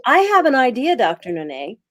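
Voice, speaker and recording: A woman co-hosting a wellness talk, explaining steps in a slow, deliberate way. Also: fairly high pitch, wildly swooping pitch, fairly bright tone, no echo, clean studio sound.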